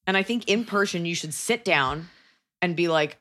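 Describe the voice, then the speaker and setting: Woman comedian co-host, slightly low voice, blunt and opinionated in casual talk. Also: moderate pace, fairly bright tone. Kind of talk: casual chat.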